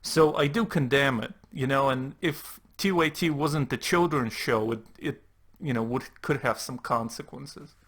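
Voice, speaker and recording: A man's voice: medium pitch, measured pace, fairly bright tone. A man giving sarcastic, profane commentary on political tweets as a YouTube host. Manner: mocking, profane asides.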